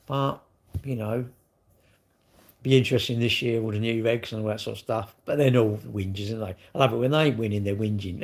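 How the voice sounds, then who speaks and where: Gravelly man chatting on a livestream. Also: lowish voice, fairly quick. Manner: chatty, rambling, blunt banter with slang. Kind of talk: casual livestream chat reading viewer comments.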